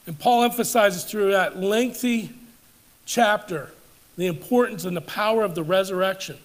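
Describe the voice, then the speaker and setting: A man preaching a sermon at a church service as pastor, measured and deliberate, slowing down and dropping low for emphasis and rising with force when he reads climactic scripture.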